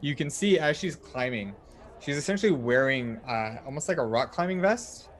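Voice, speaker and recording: A man as dungeon master, narrating a tabletop game in a relaxed, rambling way full of fillers. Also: mid-range voice, normal speed. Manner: relaxed, filler-heavy storytelling.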